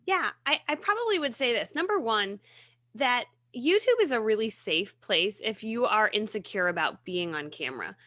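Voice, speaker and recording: A woman in her thirties talks with a bright, forceful voice on a morning talk show. She chats casually and tells her stories in an animated way, laughing often. The sound is dry, with no room echo. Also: fairly high pitch, moderate pace. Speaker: guest, video marketing coach. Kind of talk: casual chat.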